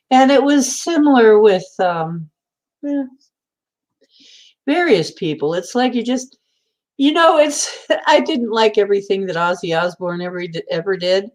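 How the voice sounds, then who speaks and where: A woman's voice: fairly low pitch, darkish tone. A woman hosting a casual chat, meandering and chatty with many fillers. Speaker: host.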